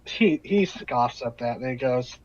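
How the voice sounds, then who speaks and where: A man's voice: medium pitch, expressive, unhurried, a little mellow, a little hiss or hum. A man running a tabletop game as game master, narrating casually over a voice call. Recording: muffled online call audio.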